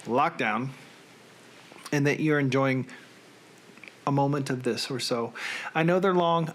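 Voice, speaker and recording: A man in his thirties hosts a loose, self-deprecating chat from his home. His voice sits a little high for a man. A faint hum of room ambience runs under his voice. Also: a bit bright. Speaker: host. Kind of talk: casual chat.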